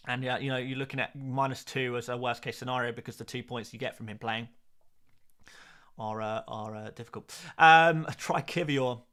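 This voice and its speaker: A man's voice: medium pitch, bright, forceful tone. A man hosting a fantasy football live stream, answering viewer questions in a casual, chatty way with frequent fillers, restarts and repeated phrases.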